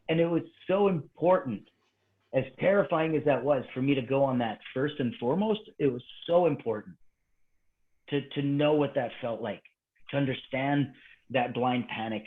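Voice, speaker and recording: A man as an interview guest, telling an animated story and acting out quoted dialogue, his voice swinging between hushed and excited. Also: fairly high pitch, moderate pace. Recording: tinny phone-like line.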